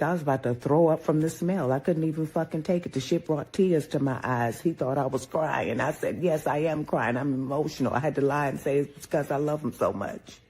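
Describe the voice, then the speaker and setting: Man, vulgar confessional rant, mellow husky tone. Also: fairly high pitch. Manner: crude, confessional, swearing. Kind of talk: vulgar comedic monologue clip.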